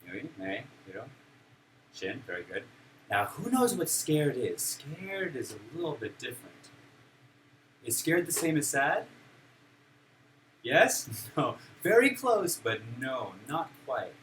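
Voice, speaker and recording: A man's voice: mid-range voice, big pitch swings, takes it slowly, long pauses, a bit bright. A male teacher leading a classroom of young children, playful and encouraging as he acts out emotions. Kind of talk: classroom teaching of simple English. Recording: distant mic with room noise.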